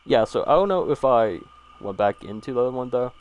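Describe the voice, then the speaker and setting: A man with an expressive, mid-range, darkish voice reads short horror stories aloud at a fairly quick pace, rambling about each one. He's laid-back, swears, and uses lots of fillers.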